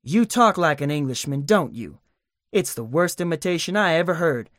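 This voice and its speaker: Man reading as an indignant old doctor, forceful, scolding, slightly high voice, dry sound. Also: animated, normal speed, dry recording, lightly acted. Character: stern, indignant older male town doctor. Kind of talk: audiobook character voice.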